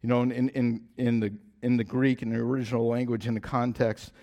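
A man preaching a sermon in an earnest style, repeating phrases and restarting often, dropping to a soft, low voice for emphasis. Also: little pitch movement, fairly quick. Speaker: pastor.

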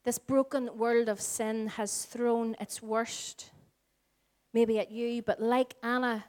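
A woman in her forties with a Northern Irish accent, preaching a sermon as pastor, earnest and shifting between slow emphatic lines and soft, hushed phrases. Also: a little high. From Northern Ireland. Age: 40s. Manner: earnest, varies pace, drops to soft whispers for emphasis.

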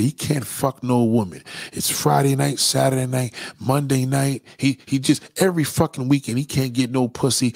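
A man's voice: mid-range voice, creaky, breathy edge, no echo, studio quality. A man hosting a blunt, profane ranting monologue to his viewers. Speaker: host.

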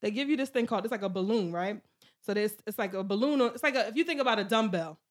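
A young woman speaking tells a story in a casual podcast chat. She tells it in an animated way and breaks into loud acted-out quotes. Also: mid-range voice, quick pace. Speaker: podcast host.

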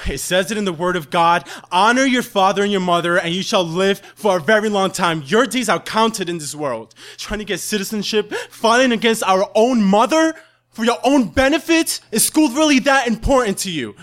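Give me a man doing a scolding, pious older sister with a bright, forceful edge. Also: lowish voice, a little fast, few pauses, lightly acted.

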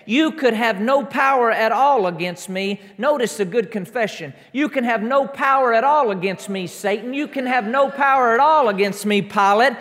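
A man preaching a sermon, emphatic, stacking repeated declarations that build up to shouts during a church service. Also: very high-pitched, moderate pace, few pauses. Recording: long reverb of a large hall.

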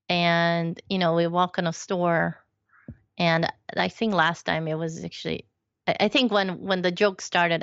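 A woman guesting on a podcast tells her stories in a casual conversation, animated and playful, often acting out the voices of the people she describes. Her voice is on the low side, gravelly yet smooth. The audio is a little dull and lo-fi, dry and close, with no room sound.

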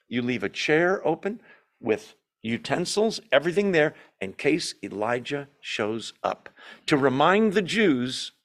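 A man leading a church Bible study. His pitch sits mid-range for a man. He teaches with emphasis, poses rhetorical questions and lets dramatic pauses land. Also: fairly bright tone.

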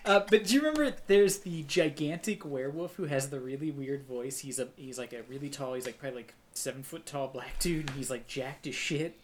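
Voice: mid-range voice, brisk, few pauses, slight background noise. Rambling jokey podcast co-host. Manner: rambling, jokey, swings between loud outbursts and mumbled asides. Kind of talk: casual chat.

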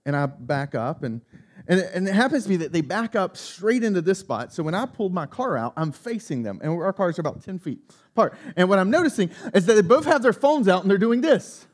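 Animated high-voiced male pastor. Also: fairly quick. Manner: animated, self-mocking storytelling. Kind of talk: sermon with a personal story.

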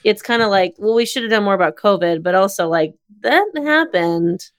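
A woman's voice: medium pitch, expressive, moderate pace, dry recording, clean studio sound. A woman in a casual podcast chat, speaking bluntly and matter-of-factly. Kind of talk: casual banter.

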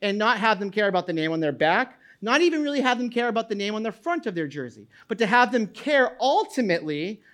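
A middle-aged male pastor preaching a sermon in an animated way, repeating words and restarting, booming out when he reads scripture aloud. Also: fast talker, few pauses.

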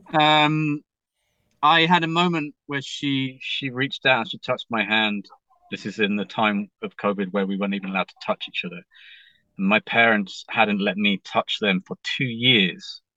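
English male musician, bright forceful voice, open and emotional, rambles and restarts, a touch lo-fi. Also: medium pitch, dry recording. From England. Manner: rambling and emotional, with many restarts and casual swearing. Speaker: musician guest. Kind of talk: candid conversational storytelling.

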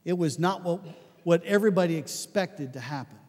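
High-voiced male preacher in a reverberant hall. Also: normal speed. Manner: conversational, animated storytelling with repeated restarts. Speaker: pastor. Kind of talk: sermon.

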